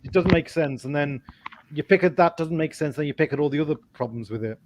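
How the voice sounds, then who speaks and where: A man's voice: fairly high pitch, fast talker, a little mellow. A man in a casual livestream chat, rambling and chatty, with apologetic asides.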